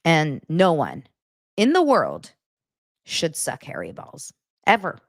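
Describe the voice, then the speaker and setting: A woman's voice: sits low, huge pitch swings, takes it slowly, gravelly, dry recording, studio quality. A woman hosting a pop-culture commentary show, ranting in a blunt, sarcastic, exasperated way. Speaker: host.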